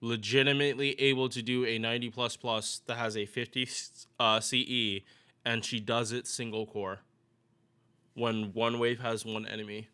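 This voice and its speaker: Guy rambling about gacha banners, bright crisp voice, talks to chat. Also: mid-range voice, flat delivery, moderate pace. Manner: rambling, restarts, chatty with viewers. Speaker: gaming YouTuber. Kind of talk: casual game commentary.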